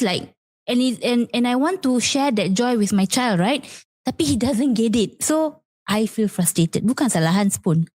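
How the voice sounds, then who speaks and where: A woman's voice: on the high side, darkish tone, no room sound, clean studio sound. A Malaysian woman, a parent and teacher, co-hosting a casual podcast chat and mixing in Malay as she reenacts home scenes. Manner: switches between English and Malay mid-sentence, reenacts scenes.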